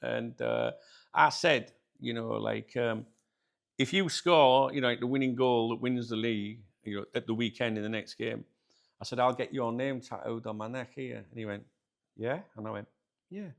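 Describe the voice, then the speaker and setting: A British man tells a story straight to his viewers in a loose, chatty way. His voice has a gravelly edge and sits at a middle pitch. He laughs often and keeps calling his audience guys. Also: fairly even intonation, normal speed. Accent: British English. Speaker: channel host.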